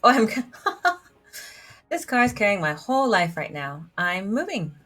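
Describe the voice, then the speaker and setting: A woman voicing an anxious young male photographer in a video game, with a smooth, musical put-on accent. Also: medium pitch, big pitch swings, unhurried, a bit bright, faint music behind. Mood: tentative.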